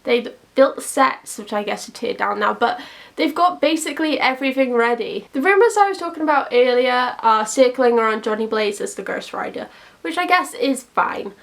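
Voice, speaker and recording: A young woman giving casual, opinionated commentary to her channel, chatty and quick to laugh at her own jokes. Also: on the high side, animated, vocal fry, fairly bright tone. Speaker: YouTuber.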